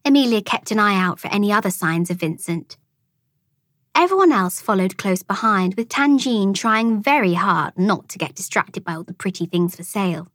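A woman reading a children's storybook aloud as an audiobook narrator, with expressive storytelling. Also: mid-range voice, no room sound, studio quality. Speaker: audiobook reader.

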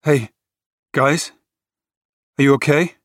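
A man's voice: fairly high pitch, steady tone, takes it slowly, a bit bright, no echo, clean studio sound, pitched above the performer's own voice. A man voicing a strained injured survivor. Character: 36-year-old man, injured crash survivor.

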